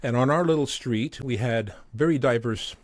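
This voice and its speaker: Animated storytelling man from Montreal, dry sound. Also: normal speed, dry recording. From Montreal, Canada. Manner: animated, acts out quoted voices in a higher pitch. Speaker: guest. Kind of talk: conversational storytelling.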